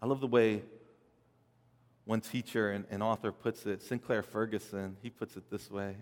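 A man's voice: on the low side, fairly even intonation, moderate pace. Male preacher, sermon delivery, rises and falls in volume, long hall reverb. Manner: dynamic delivery, swelling loud then dropping soft, with repeated words. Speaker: pastor.

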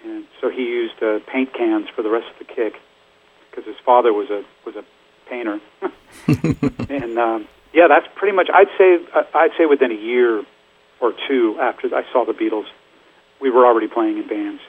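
A man's voice: mid-range voice, normal speed, husky. An older man, a musician guest, telling stories in a rambling, chatty way with lots of fillers. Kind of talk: casual interview storytelling. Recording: phone-like line.

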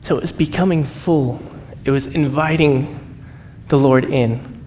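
A man preaching as a missionary, telling stories with lively acted-out voices and frequent laughs. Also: a little slow. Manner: animated, acts out quoted voices, laughs often. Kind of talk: storytelling sermon. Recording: echoey hall, faint rumble.

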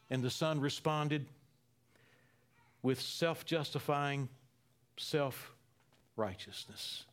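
A man preaching a sermon, repeating phrases for emphasis and swinging between loud, emphatic lines and hushed near-whispers. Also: mid-range voice, moderate pace. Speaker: pastor.

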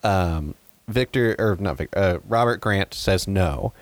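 A man's voice: sits low, a little slow, no room sound. Dry-sounding man recapping a movie. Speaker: podcast co-host. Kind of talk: casual chat recapping a movie.

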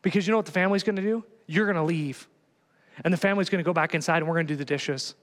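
A man's voice: fairly high pitch, racing, long reverb tail. A man preaching a sermon as pastor, telling a story with lots of energy and acting out both sides of the conversation.

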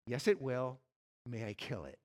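A man voicing a massive burning angel, calm and relentless, who repeats himself in a low, quiet, insistent voice. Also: moderate pace, in a large hall. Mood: quiet stern.

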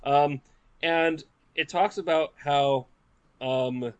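A man's voice: on the high side, animated, moderate pace, a bit bright, dry recording. A man co-hosting a casual book discussion, talking with frequent hesitations and restarts. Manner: hesitant, many restarts and fillers.

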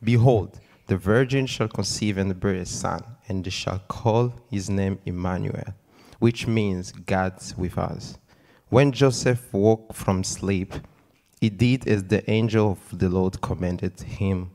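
A man reading a Bible passage aloud before a sermon in a steady, formal tone. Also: deep voice, slow, vocal fry. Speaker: scripture reader. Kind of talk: scripture reading.

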